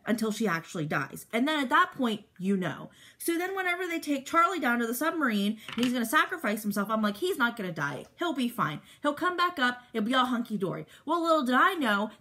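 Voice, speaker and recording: A woman's voice: a little high, husky. Chatty young woman vlogger, rambling. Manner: rambling, filler-heavy, animated when excited. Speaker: beauty vlogger. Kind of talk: casual chat while doing makeup.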